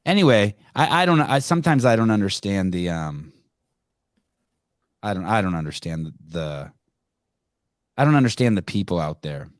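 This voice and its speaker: A man in his fifties hosts a casual podcast chat with a fairly low voice. He swears freely and rambles, stopping and restarting his sentences. The sound is dry and close, with no room echo. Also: very animated, normal speed, long pauses. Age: 50s. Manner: profane, rambling, with many restarts. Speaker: podcast host.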